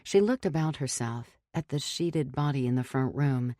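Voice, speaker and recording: Low-voiced woman narrating horror. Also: animated, normal speed, warm tone, dry recording, clean studio sound. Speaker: audiobook narrator.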